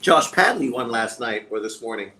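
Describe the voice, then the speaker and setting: A man's voice: medium pitch, animated, moderate pace, bright, forceful tone. A man hosting a live boxing watch-along stream, talking casually in a blunt, crude way and swearing often. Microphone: streaming setup. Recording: roomy echo with faint background noise.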